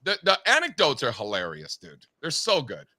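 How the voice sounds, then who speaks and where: A man's voice: medium pitch, wildly swooping pitch, sharp tone. A man hosting a casual market show, joking with his co-hosts and then reading off futures prices at speed. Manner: fast, joking banter with market quotes. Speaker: show host.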